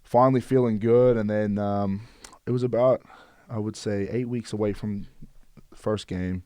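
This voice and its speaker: A man's voice: fairly low pitch, steady tone, moderate pace, dark tone, no room sound, clean studio sound. A laid-back Australian man in his thirties, a podcast guest chatting casually and laughing often. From Queensland, Australia. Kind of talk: casual conversation.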